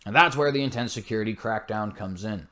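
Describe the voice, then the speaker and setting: A man's voice: lowish voice, a little fast, bright, forceful tone. A man hosting a commentary show, reading news aloud with blunt, scornful asides and frequent slips and self-corrections.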